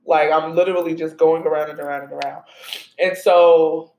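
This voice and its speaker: A woman's voice: low voice, steady tone, moderate pace, gravelly, dark tone, a little hiss or hum. A woman podcast host giving an emotional, conversational faith talk with prayer, streamed live and speaking to listeners as y'all. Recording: roomy echo.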